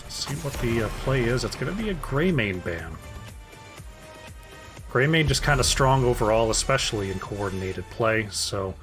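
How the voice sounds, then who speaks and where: A man's voice: mid-range voice, expressive, moderate pace, a bit bright, faint music behind. A man casting an esports draft solo, chatty and casual, talking to his chat between picks. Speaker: esports caster.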